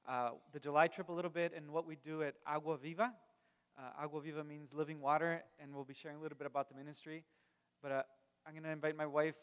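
Smooth man speaking in a reverberant church hall. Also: fairly high pitch, a bit bright. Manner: friendly, halting with fillers. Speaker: ministry executive director. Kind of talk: church guest talk. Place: church sanctuary.

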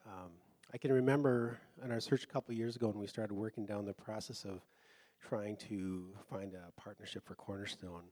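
A man on a church missions committee, introducing guest speakers in a relaxed, rambling way with many fillers. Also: on the low side, no room sound. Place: church sanctuary.

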